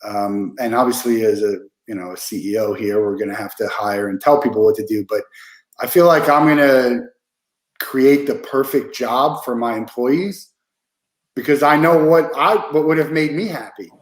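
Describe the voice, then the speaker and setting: Host, male, mid-pitched, casual and halting, echoey room. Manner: conversational, many fillers and restarts. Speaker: podcast host. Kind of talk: casual interview conversation.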